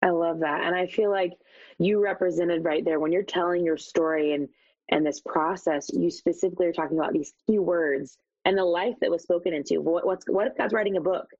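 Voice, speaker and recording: A woman's voice: fairly low pitch, fairly even intonation, fairly quick, darkish tone, slightly rough, no room sound. A woman hosting an interview, affirming and enthusiastic as she responds to her guest. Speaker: podcast host. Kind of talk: conversational interview. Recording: dull, dry sound.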